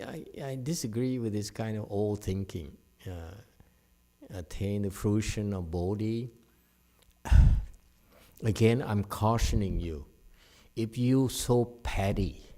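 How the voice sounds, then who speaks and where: Slow, mellow-voiced male Buddhist teacher. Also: on the low side. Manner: frank and scolding, teases listeners by name, laughs often. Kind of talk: dharma talk to a live audience.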